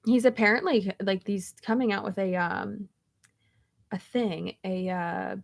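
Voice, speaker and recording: A woman vlogger tells a story in loose casual chat, full of fillers, restarts and animated asides. Her voice carries a gravelly, fry-tinged edge at a middle pitch. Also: measured pace. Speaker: beauty vlogger.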